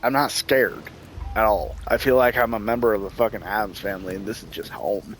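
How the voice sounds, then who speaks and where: A man's voice: on the low side, a little fast, a little hiss or hum, low-quality recording. A man telling a story in casual, profane chat, laughing often and acting out what people said. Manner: profane, laughs often, acts out quoted dialogue. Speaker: gaming channel host.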